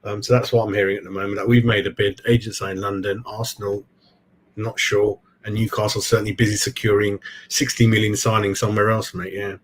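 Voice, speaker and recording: A man's voice: on the low side, flat delivery, fairly quick, slight background noise. A man hosting a football fan channel, talking in a casual live-stream chat and answering viewers as he goes. He rambles from point to point and keeps dropping in "mate.". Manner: chatty, keeps saying "mate".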